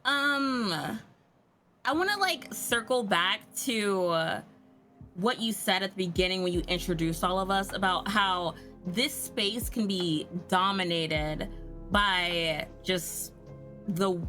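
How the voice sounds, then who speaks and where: A woman's voice: medium pitch, slow pace, pushed and bright, soft background music. A woman guest in a casual round table chat, rambling and heartfelt, full of "like"s.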